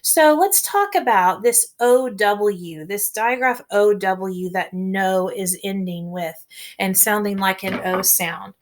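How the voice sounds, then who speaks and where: A woman teacher with a Midwestern American accent giving a slow, clear, encouraging phonics lesson to first graders. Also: medium pitch. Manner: slow, clear and encouraging, speaking to young children. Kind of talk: recorded remote phonics lesson.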